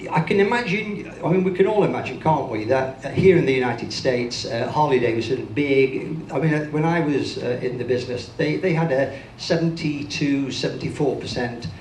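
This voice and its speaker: A man's voice: medium pitch, moderate pace, few pauses, darkish tone, slight background noise. Older Birmingham-accented man, echoey conference hall. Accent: Birmingham English. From Birmingham, England. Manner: joking, self-deprecating, chatty. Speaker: motivational speaker. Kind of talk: conference keynote talk. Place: large conference hall with audience.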